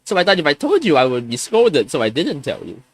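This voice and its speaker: A man's voice: a little high, wildly swooping pitch, a little fast, no echo. A young man in his twenties venting on a live stream, frustrated and swearing, often stumbling and restarting his sentences.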